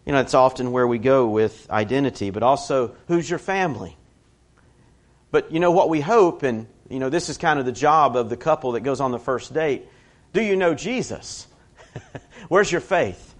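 A man's voice: mid-range voice, animated, normal speed. A man preaching a sermon in a conversational way, telling stories with personal asides.

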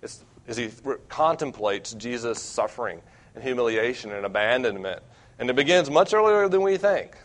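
A young man preaching as a campus minister, earnest and self-deprecating, with wide swings between loud and quiet. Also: medium pitch. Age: young adult. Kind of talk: sermon.

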